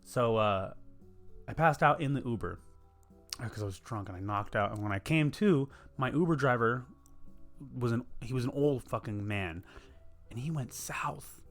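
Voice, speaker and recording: A man's voice: mid-range voice, normal speed, fairly bright tone, faint music behind. A young man, telling a rambling, profane story in a casual podcast chat. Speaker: podcast host.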